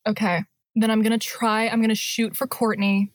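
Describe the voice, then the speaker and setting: A woman chatting casually on a podcast, playful and quick to laugh as she reads quotes in put-on voices. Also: on the high side, little pitch movement, no echo. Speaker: guest voice actor.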